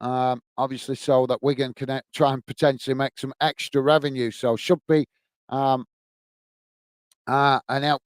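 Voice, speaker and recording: A man hosts a football watch-along stream, chatting casually and reading viewer comments aloud so he can answer them. His voice is fairly high with a darkish, clean tone, recorded without echo.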